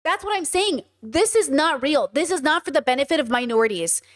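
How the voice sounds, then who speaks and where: Woman, host, live-stream commentary, blunt, profane, repetitive, high voice. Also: expressive, brisk. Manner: blunt, profane, repeats herself for emphasis.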